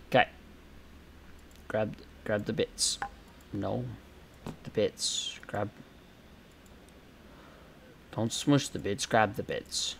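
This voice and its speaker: A young man talks his way through a cooking game in slow, drawn-out bursts, swearing freely and muttering half-finished asides to himself. His voice sits at an ordinary middle pitch, with a faint hiss of noise underneath. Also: vocal fry. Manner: chaotic and sweary, muttering asides with sudden loud outbursts. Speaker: gameplay commentator. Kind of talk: casual gameplay commentary.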